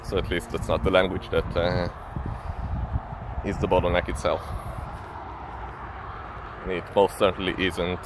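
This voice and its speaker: A young man from Israel, a native Hebrew speaker with an Israeli accent leaning American, talking in a halting, thoughtful way in a casual vlog recorded outdoors. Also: deep voice, flat delivery. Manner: halting, thoughtful, many pauses. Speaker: vlogger. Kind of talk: casual reflective monologue. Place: outdoors near a street. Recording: outdoor street noise.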